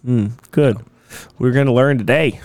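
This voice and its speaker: A man's voice: medium pitch, a little slow, a little mellow, dry recording. A man hosting a casual comedy podcast, joking around and hamming it up. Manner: joking, hammy, breaks into mock French greetings. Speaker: podcast host.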